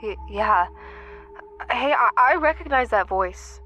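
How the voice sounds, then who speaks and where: A woman's voice: on the high side, lively intonation, slow, sharp tone, slight background noise, heavily acted. A woman playing a weary, shaken bunker engineer in a horror audio drama.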